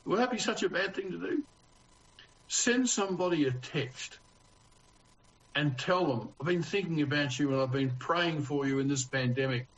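A man's voice: fairly high pitch, lively intonation, normal speed. A man with an Australian accent preaching a conversational sermon as pastor, earnest and homely, with rhetorical questions to his congregation. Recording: dull, lo-fi sound.

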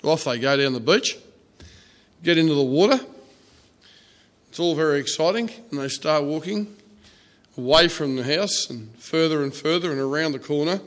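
A man preaching a sermon, telling a story softly with fillers and restarts. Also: fairly high pitch, animated. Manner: storytelling, soft and halting with fillers.

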